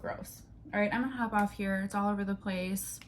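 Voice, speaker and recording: A woman's voice: medium pitch, fairly even intonation, fast. A young woman venting on a casual vlog, rambling and swearing freely as she jumps between thoughts. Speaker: vlogger. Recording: faint background noise.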